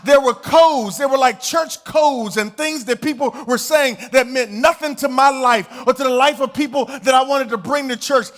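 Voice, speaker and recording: A man preaching as a pastor. He talks in a conversational way, then builds to emphatic, shouted points. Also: very high voice, normal speed, few pauses, faint music behind. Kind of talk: sermon.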